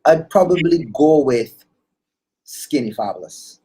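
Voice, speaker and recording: A man from Barbados with a Barbadian accent, a singer guest talking in a laid-back, soft-spoken way. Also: fairly high pitch, animated, measured pace, husky. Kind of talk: casual interview chat.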